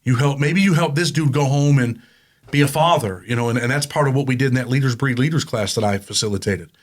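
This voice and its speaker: A middle-aged man talking as a guest in a casual interview, telling stories in animated, plain street talk. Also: medium pitch, fast. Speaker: guest, prison consultant.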